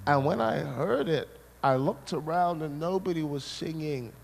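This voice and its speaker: A man from Scotland preaching a sermon, an animated storyteller who hammers points through repetition and tosses jokey asides to the crowd. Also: fairly high pitch, normal speed, vocal fry. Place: large hall at a church seminar. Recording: echoey hall, faint noise.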